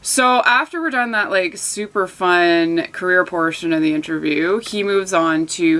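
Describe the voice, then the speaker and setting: A young adult woman vlogger telling a story in a chatty, animated way, with lots of fillers and restarts. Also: fairly low pitch, normal speed, few pauses. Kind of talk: casual storytelling vlog.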